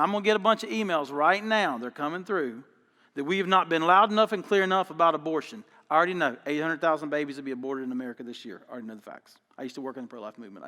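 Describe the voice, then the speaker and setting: A man's voice: high-pitched, fairly bright tone, in a large hall. A man preaching a sermon as pastor, telling stories in an emphatic, folksy, conversational way. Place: church auditorium.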